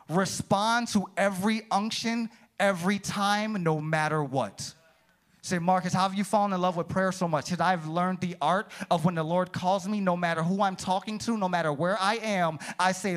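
A man preaching a sermon as pastor in a church, swinging from loud high peaks down to low quiet asides and calling out to the congregation. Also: normal speed. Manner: energetic, rises to high shouted peaks then drops low; calls out "come on", "praise the Lord" to the congregation.

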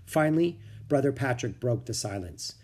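A man narrating a children's book in an expressive storytelling manner. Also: medium pitch, moderate pace.

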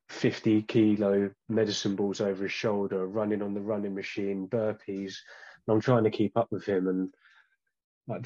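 A man with a lowish, fairly monotone voice answers interview questions in a relaxed, halting way, full of "um"s and restarts. The recording sounds dull and lo-fi. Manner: hesitant, many "um"s and restarts. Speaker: guest. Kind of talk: casual interview chat.

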